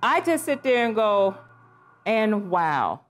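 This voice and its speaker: A woman in her sixties giving a lively, playful conference presentation with exclamations and asides. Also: medium pitch, slow pace. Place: conference session room.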